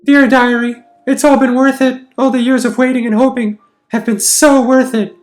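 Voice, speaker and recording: Guy doing a high cooing creepy girlfriend voice, sweet and possessive. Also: flat delivery, normal speed. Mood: gloating. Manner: high syrupy falsetto, cooing. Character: obsessive clingy young woman, sweetly menacing.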